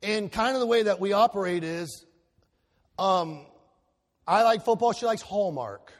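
A man preaching a sermon as pastor, telling stories in a lively way and moving between loud, excited passages and quiet, earnest ones. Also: high-pitched, unhurried. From Ohio, USA. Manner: animated storytelling with shifts between loud and soft. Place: church sanctuary. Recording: long reverb of a large hall.

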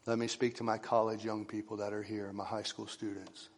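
A husky, fairly low male voice preaching a sermon from the pulpit. He moves between ringing calls and hushed, almost whispered passages. The sound carries a long reverb, as in a church sanctuary. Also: flat delivery, brisk. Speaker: pastor.

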